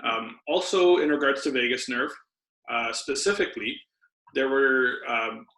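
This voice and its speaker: A man's voice: medium pitch, a little slow, pushed and bright. A man, a doctor, patiently explaining health tips as a podcast guest. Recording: roomy echo.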